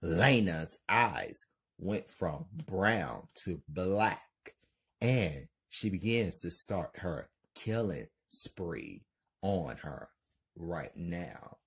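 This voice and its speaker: A man's voice: sits low, sing-song, breathy edge. A man narrating a homemade thriller story as channel host, hyped and repetitive. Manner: hyped, repetitive, drawn-out delivery.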